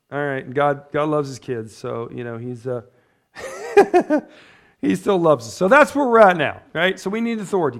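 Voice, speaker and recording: Male pastor with a raised pitch, relaxed conversational preaching, keeps asking "right?". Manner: chatty, tags points with "right?" and "amen?". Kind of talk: conversational sermon. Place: church.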